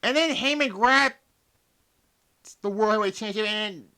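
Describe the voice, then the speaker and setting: A man's voice: sits high, normal speed, sharp tone, clear, resonant tone. A young man reviewing a wrestling show in a casual, exasperated rant full of swearing. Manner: profane, exasperated ranting.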